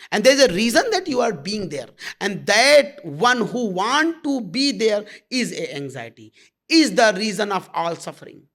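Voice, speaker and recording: High-pitched gravelly spiritual teacher. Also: male voice, a bit bright. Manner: blunt and intimate, calling listeners "my love". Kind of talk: satsang talk.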